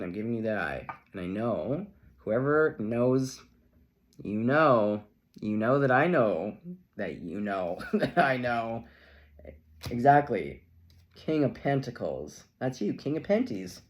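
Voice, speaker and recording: Animated middle-aged man reading tarot. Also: mid-range voice. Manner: animated, chatty, laughing often, playful asides. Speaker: tarot reader. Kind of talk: casual tarot reading to camera.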